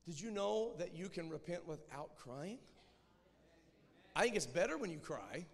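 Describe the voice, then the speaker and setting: A man preaches with a notably high voice, dropping to near-whispers and then rising to full-throated shouts. He drives his points home through emphatic repetition. The sound rings with the long reverb of a large hall. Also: lively intonation, a little slow, long pauses. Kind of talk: sermon.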